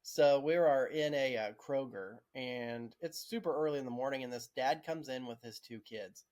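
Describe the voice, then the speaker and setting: A man's voice: mid-range voice, normal speed, darkish tone. A man, a podcast co-host telling stories casually, laughing through them and swearing freely. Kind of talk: casual storytelling.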